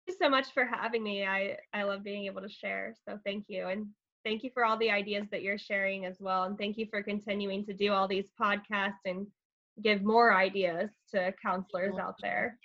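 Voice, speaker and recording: A woman's voice: medium pitch, fairly even intonation, moderate pace, fairly bright tone. A woman school counselor as a podcast guest, earnest and explaining things step by step with fillers. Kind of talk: casual podcast interview. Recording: slightly dull, lo-fi sound.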